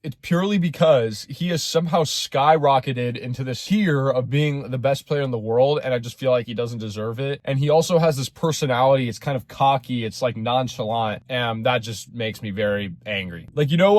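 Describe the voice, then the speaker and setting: A young man rants about sports in a loose, sarcastic monologue that keeps wandering off-topic. His voice sits at an ordinary pitch. The sound is dry, with no room echo. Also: normal speed. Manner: sarcastic, rambling, heated. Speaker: sports commentary creator. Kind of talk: casual ranting monologue.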